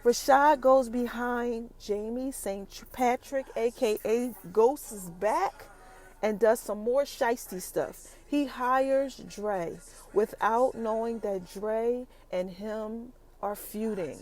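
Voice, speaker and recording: Animated chatty woman podcast host. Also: fairly high pitch, takes it slowly. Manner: animated, chatty, addresses listeners directly. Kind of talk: casual TV episode recap.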